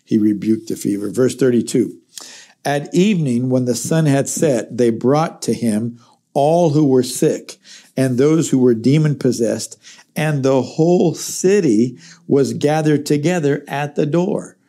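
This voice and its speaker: A man's voice: medium pitch, measured pace, mellow. A middle-aged man teaching the Bible verse by verse, reading a passage and then explaining it in plain, conversational words.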